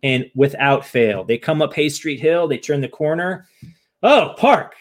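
A man's voice: medium pitch, moderate pace. A man casually telling a long story, acting out what others said, with many "right?" tags. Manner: animated, acts out quoted voices; fillers and tag questions.

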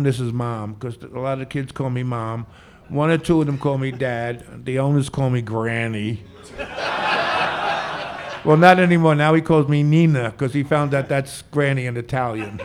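An older man in his seventies spins stories from decades behind a bar. He talks in a chatty, joking way and often breaks into laughter. His pitch sits in a middle range. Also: a little hiss or hum. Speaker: veteran bartender, guest. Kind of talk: storytelling in a Q&A.

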